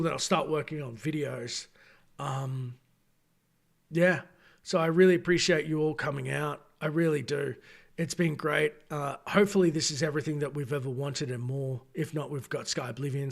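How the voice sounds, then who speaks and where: A man's voice: a little high, vocal fry. A man hosting a late-night gaming live stream, talking to chat in a rambling, chatty way and correcting himself as he goes, tired at this hour. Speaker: gaming channel host.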